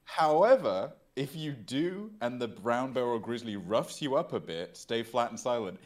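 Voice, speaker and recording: A man's voice: mid-range voice, expressive, normal speed. A young man with a mid-range voice that swings up and down a lot. He makes wry, casual remarks among friends and reads text aloud in a dry tone.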